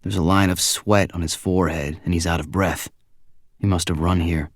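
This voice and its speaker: Deep-voiced man narrating an audiobook. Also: fairly even intonation, normal speed, no echo, clean studio sound. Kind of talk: first-person audiobook narration.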